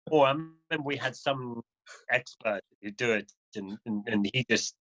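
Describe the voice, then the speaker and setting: A man's voice: mid-range voice, moderate pace, bright, forceful tone, low-quality recording. A middle-aged man, a guest adventure motorcyclist, telling stories in a casual way and acting out other people's lines. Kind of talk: casual conversational storytelling.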